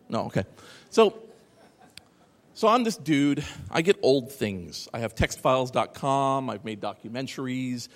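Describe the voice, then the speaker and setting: Animated sarcastic man in a big hall. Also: mid-range voice. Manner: animated, sarcastic, rambling with asides. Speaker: conference speaker. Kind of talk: live talk to an audience. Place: large hall with audience.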